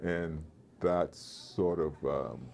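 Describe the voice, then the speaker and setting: A man, an actor being interviewed, with a deep resonant voice, telling animated stories and slipping into voices. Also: very slow, vocal fry, a little hiss or hum. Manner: animated storyteller, slips into voices. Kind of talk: casual interview chat. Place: festival convention floor.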